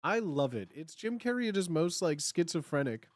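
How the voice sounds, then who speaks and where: Talking at normal speed, a thirties livestream host from the Chicago area chats casually at home in an animated, rambling way with lots of fillers and restarts. When acting out cheering, their voice jumps into sudden high bursts. The audio is studio quality, without room sound.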